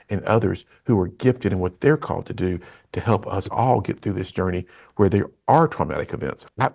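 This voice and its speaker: A man with a low, gravelly voice talks in an interview. His tone is earnest and emphatic. A husky edge runs through his speech. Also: lively intonation, fairly quick, few pauses, a little mellow. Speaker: motivational speaker. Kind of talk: storytelling interview talk.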